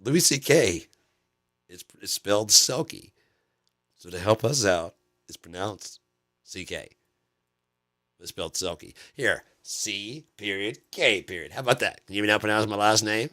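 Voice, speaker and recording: A man doing an impression of an excitable male comedian, loud and emphatic in a stand-up delivery. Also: lowish voice, a little slow, long pauses, pitched above the performer's own voice. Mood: exasperated. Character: excitable male comedian, fussing over his name.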